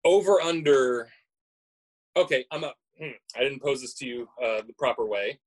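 A podcast co-host, a man with a medium-pitched, expressive voice, chats casually at a moderate pace in a rough recording. He is playful and teasing and often stammers through restarts.

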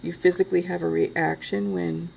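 A woman hosting a casual podcast talks in a low, gravelly voice. She rambles a little and laughs often. There is a faint hiss behind her. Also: little pitch movement, normal speed, darkish tone. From Ohio. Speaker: podcast host.

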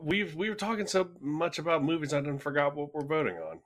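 A man's voice: fairly high pitch, lively intonation, fairly quick, fairly bright tone. A man co-hosting a casual podcast chat, hesitant and dry in his jokes. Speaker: podcast co-host.

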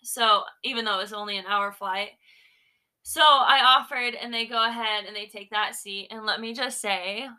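A young woman co-hosting a casual chat, telling a travel story in an animated way and acting out the people in it. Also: mid-range voice, moderate pace. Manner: animated, acts out quoted people. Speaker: podcast co-host, daughter.

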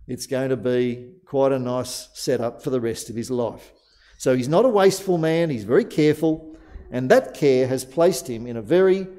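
A man preaching a sermon, telling a parable with strong emphasis and theatrical pauses. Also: mid-range voice, mellow. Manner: storytelling, varied emphasis with dramatic pauses.

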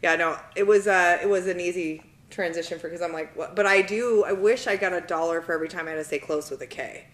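A woman's voice: on the low side, quick pace, hardly any pauses. A woman co-hosting a casual podcast chat, talking in a loose way full of fillers. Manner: chatty, lots of "like" fillers. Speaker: podcast co-host.

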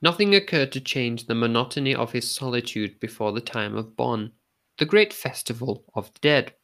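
A man giving a scripted narration of a folk tale in a measured, unhurried reading. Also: medium pitch, bright, forceful tone. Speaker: storyteller.

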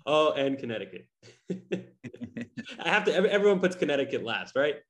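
A man's voice: on the high side, big pitch swings, normal speed. A young man from New England, talking loosely in casual chat with lots of fillers.

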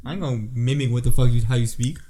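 A man's voice: mid-range voice, steady tone, fast talker, mellow. A young man co-hosting a casual podcast, teasing and trash-talking his friends. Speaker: podcast co-host. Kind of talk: casual chat.

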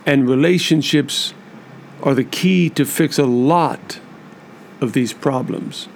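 A man hosting a podcast, speaking earnestly and emphatically to church leaders in a measured monologue with many repeated lists. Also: medium pitch, creaky, darkish tone, slight background noise. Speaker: podcast host.

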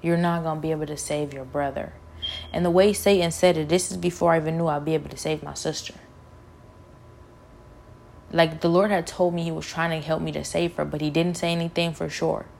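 A woman sharing an earnest spiritual testimony, her voice low and gravelly with a flat, steady pitch. She often repeats phrases for emphasis, and faint noise sits behind her. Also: brisk. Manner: earnest, emotional, repeats herself.

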